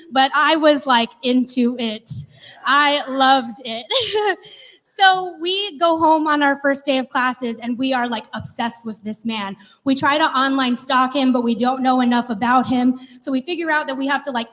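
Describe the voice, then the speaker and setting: A woman in her thirties telling a comedic personal story, animated and laughing, chatty with lots of "like". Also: sits high. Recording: long hall reverb.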